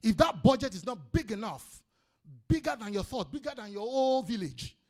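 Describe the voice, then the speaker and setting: A man with a Nigerian accent giving an energetic business seminar talk, calling out to the audience and repeating his points. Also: high-pitched, moderate pace. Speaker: business speaker. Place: conference hall before an audience.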